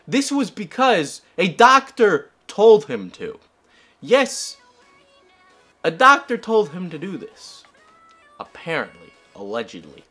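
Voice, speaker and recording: A man's voice: on the high side, a bit bright. Sarcastic guy rambling through a commentary video, bouncy up and down delivery, self-mocking. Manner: self-deprecating asides. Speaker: YouTube commentator. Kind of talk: comedic commentary.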